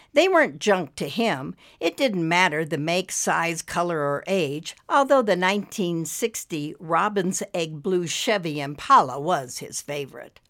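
Lower-voiced woman narrating expressively. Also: fairly bright tone. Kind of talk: audiobook narration.

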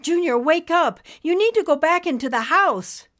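A woman voicing a frantic male cloud spirit who floats about, calling out in a high, loud, panicky voice. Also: animated, normal speed.

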